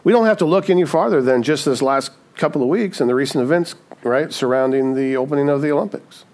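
A man's voice: mid-range voice, quick pace, darkish tone. A man preaching a sermon in a conversational way, often asking "right?" and acting out quoted voices. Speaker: pastor.

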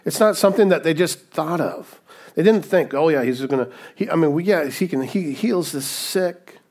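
A man's voice: a little high, normal speed, a little mellow. Man preaching with conversational "right?" asides. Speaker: pastor. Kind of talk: sermon.

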